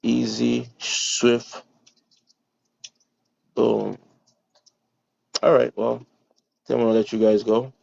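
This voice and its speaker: A man's voice: medium pitch, flat delivery, a little slow, gravelly, long pauses, dark tone, dry recording. A man hosting a casual livestream, rambling and repeating himself as he talks straight to his viewers. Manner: rambling, repeats words, addresses viewers directly. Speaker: livestream host. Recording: dull lo-fi stream audio.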